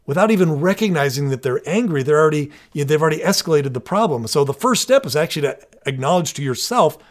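A man's voice: a little high, lively intonation, fast talker. Earnest man explaining parenting steps. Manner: earnest, explains step by step with many restarts. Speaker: parenting podcast co-host. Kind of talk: casual conversational explaining.

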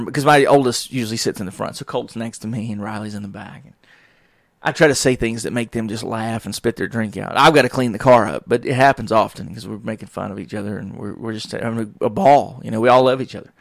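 A middle-aged man telling casual stories as a podcast host, animated and jokey, often laughing through what he says. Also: mid-range voice, no echo, clean studio sound. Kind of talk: casual storytelling monologue.

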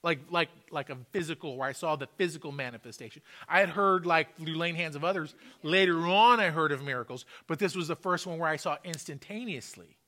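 This pastor speaks a little high and fairly quickly, with hardly any pauses, in a pushed, bright voice. Preaching in a church sanctuary, he shares a testimony and keeps restating his message with emphasis.

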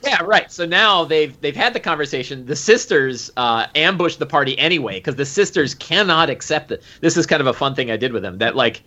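Bright-voiced man recapping a tabletop game. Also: a little high, brisk, few pauses. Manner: animated, full of fillers and acted quotes. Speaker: game master. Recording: dull lo-fi recording.

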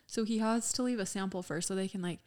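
This young woman is a fast talker with a mid-range, darkish voice. As a podcast co-host in casual conversation, she's a chatty, giggly storyteller who says "like" constantly.

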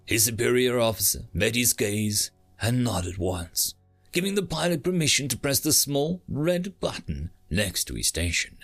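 A man reading a science fiction story aloud as narrator, with dramatic, lively delivery. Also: mid-range voice, a little slow, creaky. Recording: faint music behind.

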